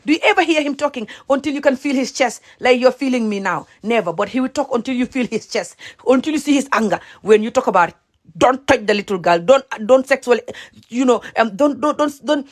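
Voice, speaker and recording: A woman's voice: fairly high pitch, animated, a little fast. A woman in an impassioned vlog rant, emphatic and repetitive, switching between English and Mandinka. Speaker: social media commentator.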